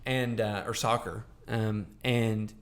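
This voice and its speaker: A man's voice: fairly low pitch, fairly even intonation, slow. A young man co-hosting a podcast, talking casually and rambling with lots of fillers and restarts. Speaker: podcast co-host. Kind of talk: casual chat.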